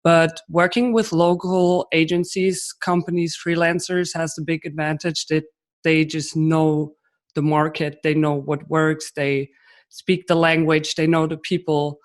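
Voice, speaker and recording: A woman's voice: low-pitched, flat delivery, unhurried. Woman explaining with examples. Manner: explains with examples, frequent fillers. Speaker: guest expert. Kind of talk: podcast interview answers.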